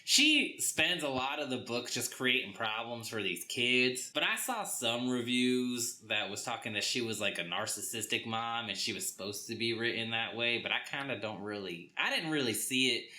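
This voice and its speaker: Exasperated, lively Southern-sounding man. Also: mid-range voice. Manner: exasperated, acts out characters in quick voices. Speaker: book reviewer. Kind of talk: ranting comic book review.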